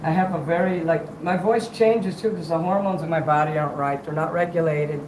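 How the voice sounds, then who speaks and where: Between karaoke songs on his livestream, a man chats in a profane, rambling way, his voice strained and worn out. It's a little high and fairly even in intonation, a little fast, and the room is echoey with a noisy background.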